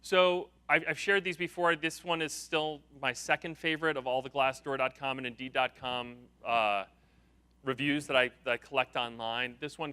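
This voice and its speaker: Bright, energetic man giving a keynote. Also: mid-range voice, moderate pace, clean tone. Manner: energetic storyteller, acting out quotes. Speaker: conference keynote speaker. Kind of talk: conference keynote speech. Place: conference hall.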